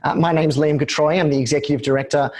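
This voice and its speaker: Hoarse man hosting a webinar. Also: on the high side, fairly even intonation, fast talker, a little mellow. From Australia. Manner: frequent uh fillers, explanatory. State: hoarse from a cold. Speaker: host and executive director.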